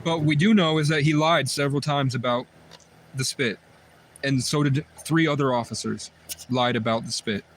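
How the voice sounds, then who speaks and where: A man delivers a rambling livestream monologue in a medium-pitched, slightly bright voice at a moderate pace. He repeats himself, keeps returning to the same points and restarts sentences often, with faint vehicle noise humming behind him.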